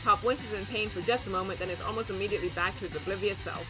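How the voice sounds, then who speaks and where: A woman streamer in casual gaming commentary, reading game text aloud, joking and reacting loudly and playfully. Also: medium pitch, rapid-fire, over music.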